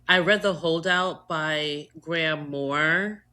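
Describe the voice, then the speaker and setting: A Trinidadian American woman co-hosting a podcast in casual chat, animated and joking, swearing freely. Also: sits low, extremely slow. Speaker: podcast co-host.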